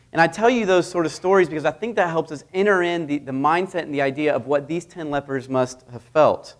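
Speaking in a slightly high voice, a man in his thirties preaches as a guest, weaving stories into his sermon in a chatty way full of lively, dramatic shifts.

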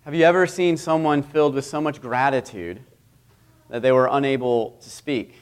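Conversational preacher, storytelling sermon. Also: male voice, mid-range voice, moderate pace, clear, resonant tone. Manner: storytelling, conversational, with lively dramatic swings. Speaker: visiting preacher.

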